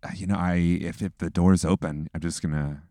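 A man's voice: deep voice, steady tone, normal speed, warm tone, no echo, clean studio sound. A man answering a hypothetical in a hesitant, stammering way. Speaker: guest. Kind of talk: casual chat.

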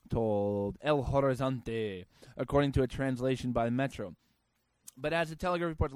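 A man's voice: mid-range voice, darkish tone, dry recording. A man hosting a comedy show, reading out news stories and ranting about them in a sarcastic, crude way. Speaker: podcast host.

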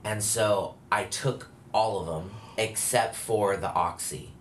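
Deep-voiced man telling a rambling story. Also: steady tone, slow, a little hiss or hum. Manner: rambling, self-correcting storytelling with frequent fillers. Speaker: guest telling his story. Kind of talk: candid casual conversation.

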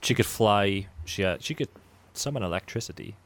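A man's voice: on the low side, expressive, moderate pace, fairly bright tone. A man in casual podcast chat, dry and laid-back.

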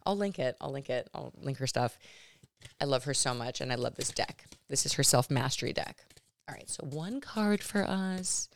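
A woman in her thirties hosting her own podcast, talking personally and emotionally in a halting way with many restarts and fillers. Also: extremely low pitch, vocal fry, slight background noise. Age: 30s. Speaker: podcast host.

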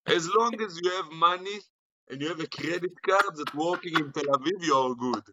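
A man's voice: fairly high pitch, moderate pace, noisy background. A young Israeli man, a native Hebrew speaker, chatting playfully and rambling as a guest over a video call. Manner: rambling, playful, repeats words. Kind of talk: casual interview chat.

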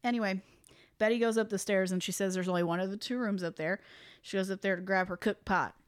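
A woman's voice: mid-range voice, fairly even intonation, quick pace, clean tone, no echo, studio quality. A woman hosting a podcast, chatting casually as she retells a ghost story, often laughing. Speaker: podcast host.

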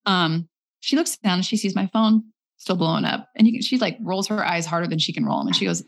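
Young woman, storytelling, lively pitch, lowish voice, acts out voices. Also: brisk. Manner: animated, acts out quoted voices. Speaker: guest telling her story. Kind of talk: casual storytelling.

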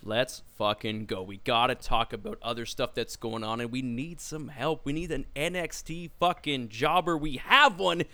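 A man's voice: medium pitch, steady tone, normal speed, hardly any pauses, a bit bright. A man hosting a casual podcast, introducing his co-hosts like a ring announcer and teasing them with crude jokes. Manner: bombastic, teasing, swears freely. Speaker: podcast host.

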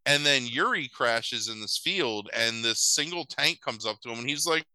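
A man's voice: mid-range voice, moderate pace, no echo, low-quality recording. A man co-hosting a podcast, telling a movie plot in a casual, sarcastic and profane way. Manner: animated, profane, sarcastic storytelling. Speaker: podcast co-host. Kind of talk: casual chat recapping a movie.

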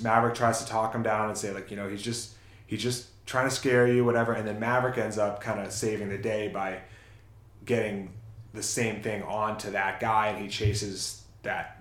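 A man's voice: lowish voice, a bit bright, roomy sound. A man casually retelling a film's plot in a rambling, self-correcting way on a chat show. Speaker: podcast co-host. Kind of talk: casual movie recap chat.

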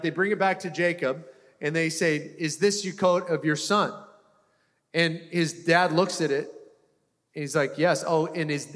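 A man's voice: high-pitched, a bit bright. A male pastor preaching a sermon to a congregation, talking conversationally and often repeating and restarting phrases. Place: church hall before a congregation. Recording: long hall reverb.

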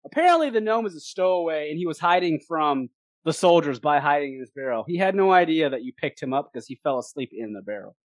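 A game master narrating a tabletop role-playing game in a lively, laughing way with quick asides. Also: medium pitch, no room sound.

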